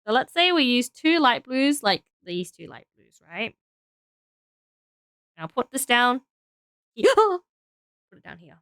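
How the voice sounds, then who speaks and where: A woman's voice: on the high side, very animated, slow, pauses often, a bit bright, clean tone, no room sound, studio quality. A young Australian woman streaming casually, tired and rambling as she thinks aloud while building.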